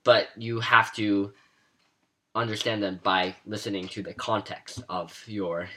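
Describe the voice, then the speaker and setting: A man's voice: fairly low pitch, flat delivery, unhurried, a bit bright, a little hiss or hum. A man giving a casual spoken lesson, explaining sounds and demonstrating each one aloud with a few fillers. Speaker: language teacher.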